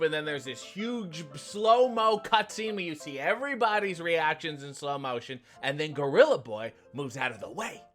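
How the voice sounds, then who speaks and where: A man's voice: on the high side, a bit bright. A man hosting a comedic recap of a TV episode, sarcastic and profane in his storytelling. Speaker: host.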